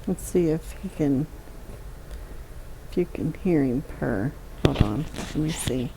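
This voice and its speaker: A woman streaming from home, chatting slowly and softly to her cat at a desk microphone. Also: low-pitched, lively intonation, vocal fry, noisy background. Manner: slow, soft baby talk to her cat. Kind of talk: casual chat with her cat while gaming.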